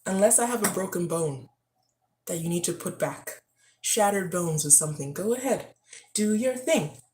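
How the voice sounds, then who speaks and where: Excitable woman chatting on a livestream. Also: fairly low pitch, normal speed, slight background noise. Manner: effusive and excitable, with bursts of prayerful praise. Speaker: health vlogger on a livestream. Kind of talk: casual livestream chat, reading comments.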